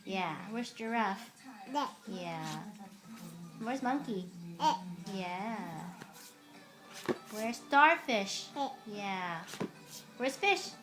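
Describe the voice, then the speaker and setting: A woman's voice: medium pitch, expressive, extremely slow, pauses often, music in the background. A woman reading a picture book to a toddler at home, asking patient, repetitive quizzing questions. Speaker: parent.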